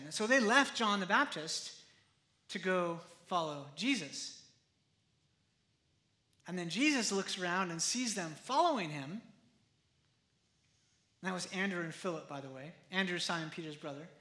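A man pastor preaching a sermon in a conversational, animated way, often acting out the quotes. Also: sits high, unhurried, pauses often, roomy sound.

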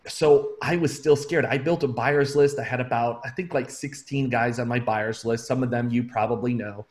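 Brief: middle-aged male guest, animated storyteller, casual and talkative. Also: mid-range voice, normal speed. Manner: animated, laughs often, says "man" a lot. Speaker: real estate investor and consultant, guest.

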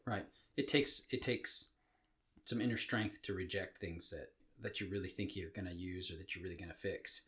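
A man's voice: low voice, fairly even intonation, moderate pace, fairly bright tone. A man co-hosting a casual marriage podcast, plainspoken with a dry, folksy sense of humor. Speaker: podcast co-host. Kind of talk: casual chat.

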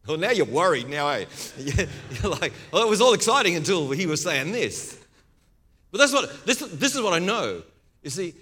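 A man with an Australian accent preaching as a guest pastor, playful and excitable, often laughing. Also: fairly high pitch. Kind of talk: lively sermon. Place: church hall. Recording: long hall reverb.

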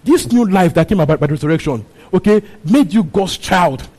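A man's voice: high-pitched, lively intonation, fairly quick, darkish tone, low-quality recording. A man preaching a sermon, repeating his phrases and asking the congregation questions. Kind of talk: sermon teaching on a Bible passage.

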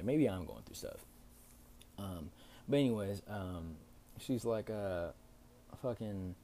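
Low-voiced man telling a profane story. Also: a little fast. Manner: profane, animated retelling with lots of fillers. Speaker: podcast host. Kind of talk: casual storytelling monologue.

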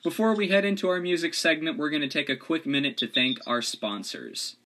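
Bright young man hosting a podcast. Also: a little high, brisk. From Florida. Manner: steady, explanatory, reads segment intros. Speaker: podcast host. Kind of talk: casual podcast chat.

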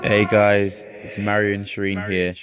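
A man's voice: lowish voice, monotone, measured pace, over music. Young man with a London accent. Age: 20s. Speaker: listener sending a voice memo. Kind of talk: voice memo message.

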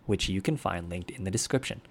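A man's voice: low voice, lively intonation, a little fast, gravelly, husky. A man co-hosting a scripted language-lesson podcast, running quiz questions and explaining words in an upbeat teaching manner. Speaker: podcast co-host.

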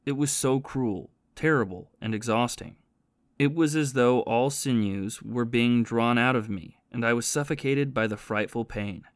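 A man's voice: mid-range voice, a bit bright, dry recording, lightly acted. Man reading as a haunted ex-soldier thief, confessional, plain storytelling, dry close sound. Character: remorseful former soldier and thief, haunted by guilt.

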